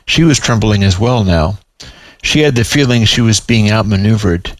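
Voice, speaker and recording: A man narrating his own story aloud in a plain, steady way. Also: lowish voice, moderate pace, no room sound, poor audio. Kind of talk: audiobook narration.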